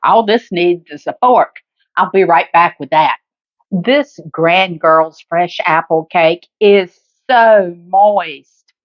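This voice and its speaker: A woman's voice: fairly low pitch, slow, muffled recording. A woman with a Southern US accent hosting a home cooking demonstration in her kitchen, chatty and homey, talking straight to her viewers. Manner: chatty, homey, addresses viewers as guys and honey. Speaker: cooking show host.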